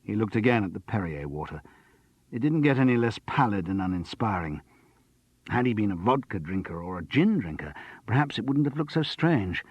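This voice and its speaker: A man narrating an audiobook in a measured, wry manner. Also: on the low side, sing-song, a little mellow, breathy edge, no echo, lo-fi sound. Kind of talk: scripted narration.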